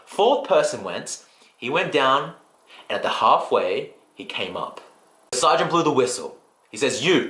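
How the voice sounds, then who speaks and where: A man's voice: mid-range voice, fairly bright tone, roomy sound. A man talking earnestly to camera in a motivational vlog, telling a story straight to his viewers. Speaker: personal development vlogger.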